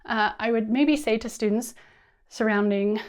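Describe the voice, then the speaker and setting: A woman's voice: a little high, normal speed. A woman presenting an instructional video for teachers, modeling call-and-response counting and hand actions the way she would with students. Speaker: teacher trainer.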